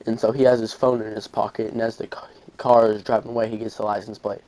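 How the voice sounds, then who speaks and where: Young man, low-pitched, monotone, rambling gameplay storyteller. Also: fast talker, poor audio. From Arkansas, USA. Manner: rambling, with fillers and restarts. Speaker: gaming channel host. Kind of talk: casual storytelling over gameplay commentary.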